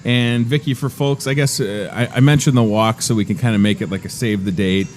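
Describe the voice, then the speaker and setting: A man's voice: medium pitch, steady tone, brisk, soft background music. A man in his thirties hosting a live store segment, chatty and joking about himself as he talks with a guest. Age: 30s. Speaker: host. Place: inside a grocery store.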